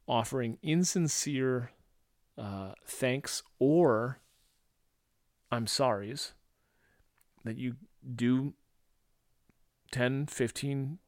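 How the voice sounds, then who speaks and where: Brief: relaxed male podcast host from St. Louis, chatty, mid pitch, dry close sound. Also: dry recording. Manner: loose and conversational, many fillers, acts out quoted voices. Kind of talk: casual solo podcast talk.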